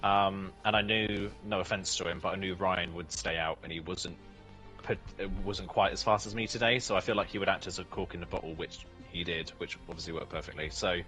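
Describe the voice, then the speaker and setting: Low bright-voiced young racing driver. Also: male voice, steady tone, brisk, faint music behind, rough recording. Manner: chatty, laughs between answers. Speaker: racing driver, championship leader. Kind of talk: post-race interview.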